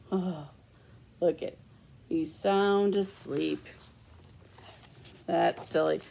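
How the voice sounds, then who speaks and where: A woman, a children's librarian, reading a picture book aloud with expressive asides to children. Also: on the low side, very slow, vocal fry, long pauses.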